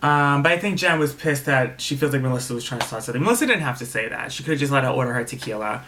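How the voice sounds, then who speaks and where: A man's voice: mid-range voice, expressive, quick pace, pushed and bright, slight background noise. A man casually recapping a reality TV episode, candid and opinionated, swearing freely and repeating himself for emphasis.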